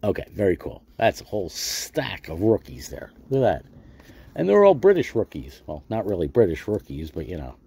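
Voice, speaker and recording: A man's voice: deep voice, wildly swooping pitch, moderate pace, vocal fry, warm tone, husky. A middle-aged American man, chatting casually and jokingly as he opens packs of cards, repeating his words. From United States. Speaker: card collecting YouTuber. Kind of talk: casual pack-opening commentary.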